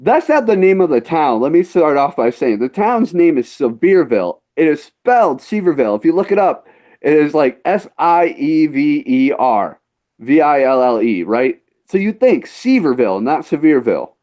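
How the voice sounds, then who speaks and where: Casting man, Northern US accent, rambling storyteller, slightly high voice, dull lo-fi sound. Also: very animated, normal speed, darkish tone. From northern Illinois. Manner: rambling, tangent-prone storyteller. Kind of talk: casual chat, storytelling.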